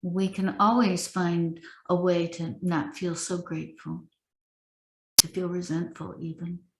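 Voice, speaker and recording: Woman meditation teacher, unhurried reading with spaces between lines, roomy echo. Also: on the low side, level tone, very noisy. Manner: slow, measured recitation with long pauses. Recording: echoey room.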